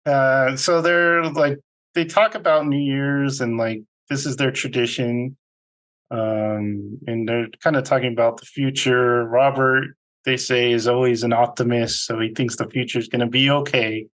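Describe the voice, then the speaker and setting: A man's voice: mid-range voice, fairly even intonation, a little slow, a bit bright. A man co-hosting a movie review podcast, recapping the plot in a rambling, casual way with frequent fillers. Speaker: podcast co-host.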